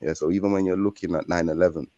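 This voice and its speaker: A man's voice: deep voice, steady tone, rapid-fire, mellow, no echo, dull audio. A young man with a London accent, talking casually in streetwise slang and rambling through his points. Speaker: podcast co-host. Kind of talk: casual chat.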